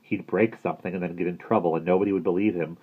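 Husky man reading a children's story. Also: low voice, fast talker. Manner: lively, expressive reading. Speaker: audiobook reader. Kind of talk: storybook narration. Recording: muffled lo-fi recording.

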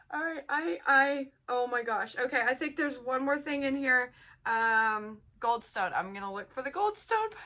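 A woman chatting casually as she unboxes a subscription box, bubbly and gushing with excitement. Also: high voice, a little hiss or hum. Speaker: vlogger.

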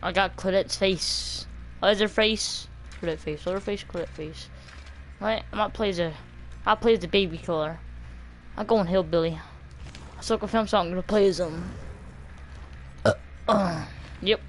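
A woman streaming a video game live, talking casually in a loud, crude, teasing way with lots of laughter. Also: on the low side, normal speed, pauses often, slight background noise, poor audio.

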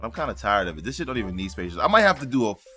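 A man giving casual, slangy commentary while playing a racing game, excitable and profane, chatting to his viewers. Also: lowish voice, rapid-fire, soft background music. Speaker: gaming YouTuber.

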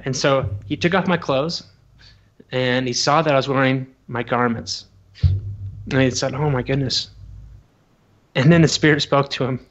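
A man's voice: medium pitch, a bit bright, muffled recording. A man guest on an interview, telling a personal testimony earnestly and with feeling, often restarting his sentences. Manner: earnest, heartfelt storytelling with frequent restarts. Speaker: podcast guest.

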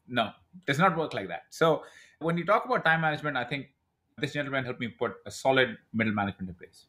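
Fast-talking animated male guest. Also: fairly high pitch. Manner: animated storyteller who acts out quoted dialogue. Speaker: podcast guest, e-commerce brand owner. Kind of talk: casual interview talk.

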